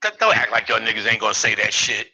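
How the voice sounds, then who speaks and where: A man's voice: lowish voice, sing-song, quick pace, poor audio. A man in his fifties giving a live lecture to an audience, joking and swearing as he riffs with the crowd. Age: 50s. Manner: profane, joking, riffing with the audience. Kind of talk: live comedic spiritual lecture.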